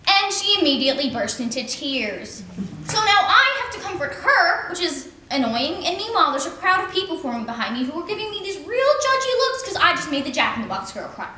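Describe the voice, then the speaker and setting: A sardonic, washed-up male horse star, played by a woman gives a darkly funny eulogy in a high, bright voice that swoops all over the place. His self-deprecating jokes ring out in a roomy, echoing space. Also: very animated, brisk, slight background noise, full character voice. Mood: exasperated. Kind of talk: stage monologue, eulogy. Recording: roomy echo.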